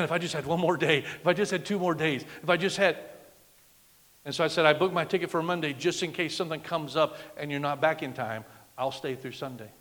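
A middle-aged man preaching a sermon as a guest pastor, emphatic, swinging from loud declarations to hushed lines. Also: on the high side. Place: church sanctuary. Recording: long reverb of a large church hall.

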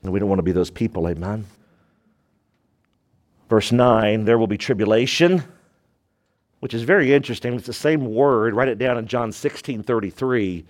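A man, a pastor preaching a sermon, emphatic, moving between loud and hushed delivery and asking his congregation rhetorical questions. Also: lowish voice, moderate pace, long pauses.

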